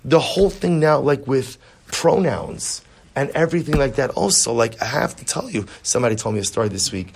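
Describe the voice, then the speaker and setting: A man teaching a Chassidic text class, animated, often repeating words and asking his listeners rhetorical questions. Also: medium pitch, fairly quick, husky.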